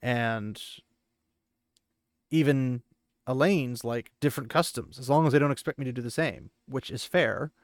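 A male podcast host walks through a book chapter in loose, conversational chat, full of filler words. His voice sits at an ordinary middle pitch. The sound is dry, with no room echo. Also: a little slow. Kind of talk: casual book recap chat.

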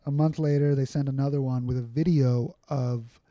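A man's voice: mid-range voice, steady tone, normal speed, warm tone, dry recording. A man talking casually as a podcast guest, rambling and candid, with many fillers and restarts. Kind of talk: casual conversational storytelling.

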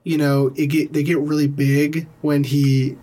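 A man's voice: on the high side, level tone, measured pace, dark tone, a little hiss or hum. Rambling man chatting about movies. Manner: rambling, many fillers and restarts. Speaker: podcast co-host. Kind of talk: casual movie chat.

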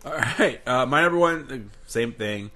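A man's voice: mid-range voice, animated, moderate pace, bright, forceful tone. A man chatting casually as a podcast co-host, easygoing and self-mocking. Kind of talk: casual chat.

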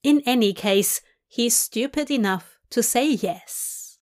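A woman reading a story aloud in calm, measured narration. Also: on the high side. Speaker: fanfic reader.

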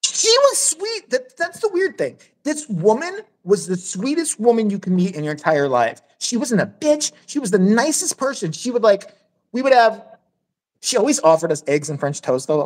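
A woman's voice: lowish voice, darkish tone. A woman hosting a podcast, telling a crude, blunt story in casual chat and swearing freely. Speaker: podcast host.

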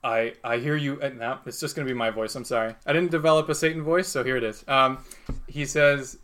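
Brief: a laid-back man running a tabletop game, mid-pitched, chuckling as he narrates. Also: fairly even intonation, a little fast, a bit bright. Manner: casual, laughing, many fillers. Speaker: game master.

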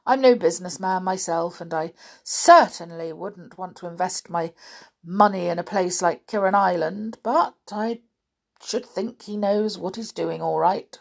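Lady doing a stern dad, brisk and bossy, breathy storybook voice. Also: lowish voice. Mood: lecturing. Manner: brisk, lecturing. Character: stern middle-aged father, brisk and dismissive.

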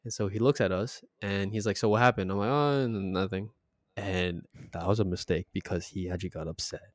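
A young man, co-hosting a casual podcast and telling a story with laughs, sometimes getting loud. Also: low voice, brisk, no echo, clean studio sound. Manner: animated storyteller, laughs often, gets loud. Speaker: podcast co-host. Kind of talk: casual chat.

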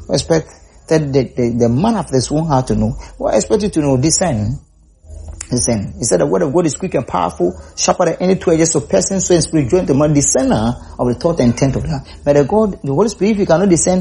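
Man, sermon, gravelly, husky, repeats himself. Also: a little high, dark tone. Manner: rising to emphatic calls, repeats words. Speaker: preacher.

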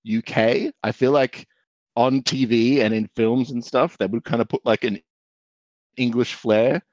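A man's voice: mid-range voice, fairly even intonation, measured pace, darkish tone, dry recording. A young Australian man with an Australian accent, a guest on a casual podcast, chatty and rambling. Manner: chatty, rambling, slips into impressions. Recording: slightly dull, lo-fi mic.

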